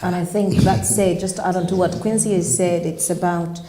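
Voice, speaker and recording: A woman's voice: fairly low pitch, fairly even intonation, a little fast, noisy background. A woman, an actor in an interview, speaking passionately and asking the audience questions. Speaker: actor in a stage play. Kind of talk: interview chat. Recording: echoey room.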